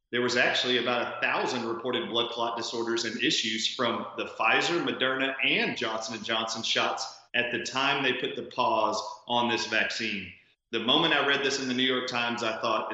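A man answering interview questions as a guest doctor, explaining in a steady, assertive way. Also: mid-range voice. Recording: dull, very echoey remote line.

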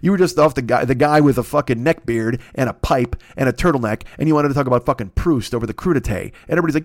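A man's voice: mid-range voice, quick pace, hardly any pauses, no echo, studio quality. A man hosting a solo podcast, ranting in a rambling, profane, comedic monologue. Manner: profane, rambling, excitable rant. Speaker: podcast host.

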